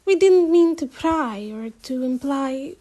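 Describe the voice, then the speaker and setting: A woman voicing an earnest, courteous young girl in a storybook reading, speaking in a bright, eager way. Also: high-pitched, animated, slow. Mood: apologetic.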